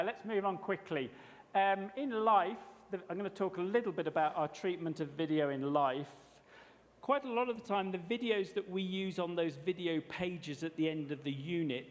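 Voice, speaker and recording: Male teacher trainer with a high voice, explaining in a relaxed, chatty way from a reverberant lecture hall. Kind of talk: workshop presentation.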